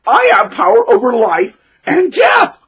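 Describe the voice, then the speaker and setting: A man mimicking a gloating, grandiose narcissist bully who shouts with manic glee. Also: very high voice, huge pitch swings, measured pace, pitched above the performer's own voice, heavily acted. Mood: manic ranting.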